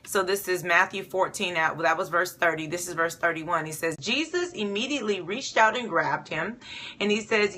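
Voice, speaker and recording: A woman delivers a casual, conversational sermon with a bright, clear tone. She retells scripture informally with chatty asides. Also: fairly low pitch, moderate pace, a little hiss or hum. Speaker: preacher.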